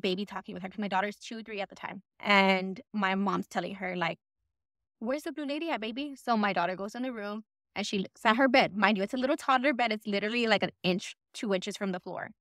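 A woman's voice: mid-range voice, brisk, fairly bright tone, no room sound, clean studio sound. A woman telling her own ghost story in a chatty, casual way, acting out what people said. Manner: chatty, lots of "I'm like" quoting.

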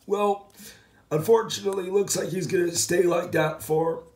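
A man's voice: high-pitched, steady tone, normal speed, a little mellow, roomy sound, close to an everyday voice. A man voicing a laid-back young male helper who talks in a casual, breezy way.

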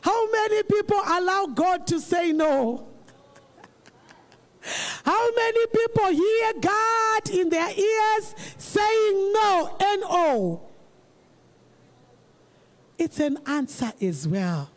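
A pastor preaching a sermon, emphatic and repetitive, rising to shouts. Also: extremely high pitch, animated, slow pace.

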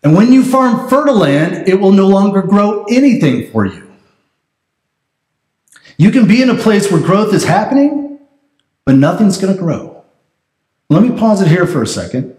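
High-voiced pastor preaching in a roomy church. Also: male voice, sing-song, moderate pace, pauses often, a little mellow. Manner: conversational preaching, asks the congregation "right?". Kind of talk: sermon. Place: church sanctuary.

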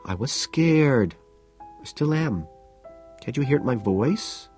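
A man's voice: medium pitch, animated, slow, darkish tone, soft background music, pitched above the performer's own voice. A man voicing a whiny, demanding, pampered wealthy young woman in an audiobook. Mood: whiny, fretful. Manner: whining, demanding. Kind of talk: audiobook character voice.

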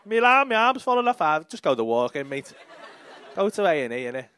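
A man's voice: fairly high pitch, big pitch swings, fairly quick, a bit bright, clear, resonant tone. A young man with a Liverpool accent doing stand-up crowd work on a comedy club stage, teasing audience members with brash, sweary banter into a handheld mic.

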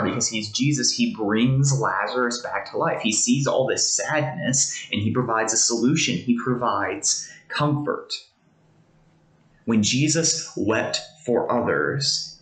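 A man's voice: on the low side, a bit bright. A man giving a devotional as a pastor, speaking in an earnest, conversational way and explaining with everyday examples. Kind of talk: devotional teaching. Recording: roomy echo.

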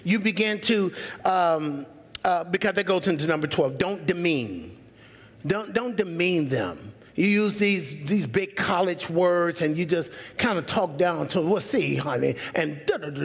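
A man preaching a sermon as pastor, animated and joking, speaking straight to his congregation. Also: fairly high pitch, breathy edge. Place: church sanctuary. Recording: long church reverb.

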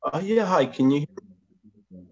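A man's voice: on the high side, expressive, moderate pace, gravelly, husky, dull audio. A man calling in to ask a polite question in a webinar. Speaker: caller asking a question.

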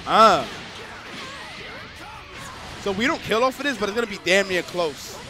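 A man doing live commentary on a fighting game match, excitable and swearing freely, breaking into shouts. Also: high-pitched, a little slow, music in the background.

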